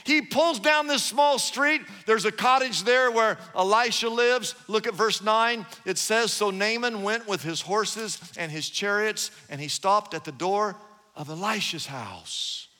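A man preaching a sermon as pastor, animated, retelling Bible stories with repeated phrases. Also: high voice, unhurried. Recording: long echo of a large hall.

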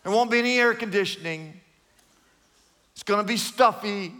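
A man's voice: high voice, moderate pace, sharp tone, long reverb tail, pitched above the performer's own voice. A man voicing a carefree male sinner who shrugs off hell in a breezy, mock-nonchalant way. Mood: flippant.

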